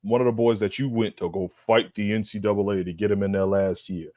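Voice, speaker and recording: Somewhat low and a little mellow, a man's voice moves slightly fast with fairly even intonation. Co-hosting a sports podcast, he unleashes a heated, profane roast rant packed with streetwise slang, repeating lines for emphasis.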